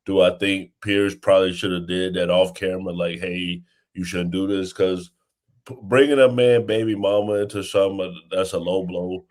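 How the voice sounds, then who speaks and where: A man who is a father, giving his views on a casual podcast panel in a measured way. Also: low voice, steady tone, a little mellow.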